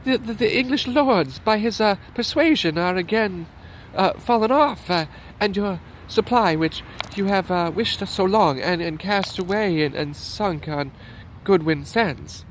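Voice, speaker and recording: A man's voice: high-pitched, unhurried, few pauses, a little hiss or hum, pitched above the performer's own voice. A man voicing an anxious male messenger who stammers and halts with fillers. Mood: alarmed. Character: anxious male messenger bringing bad news.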